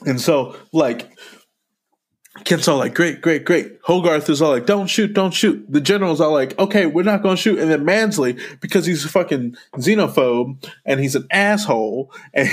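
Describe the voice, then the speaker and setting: A man's voice: fairly high pitch, expressive, moderate pace. Profane laughing podcast man. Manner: profane, laughing, acts out scenes in voices. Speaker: podcast co-host. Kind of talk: casual movie chat.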